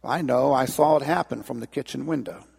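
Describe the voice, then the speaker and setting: A preacher voicing a calm, knowing old grandmother who speaks matter-of-factly, in a long-echoing hall. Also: medium pitch, fairly quick, gravelly, husky. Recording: long reverb in a large hall.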